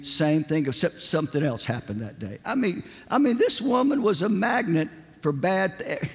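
A man preaching a sermon in a folksy, conversational storytelling way. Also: a little high. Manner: folksy, conversational, lots of "I mean" fillers. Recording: long hall reverb.

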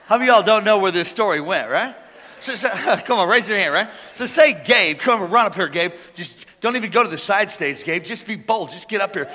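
A man preaching a sermon, telling a made-up parable and acting out the characters with lively energy. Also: high voice, fairly quick. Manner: animated storytelling, acting out characters. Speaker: pastor. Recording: long hall reverb.

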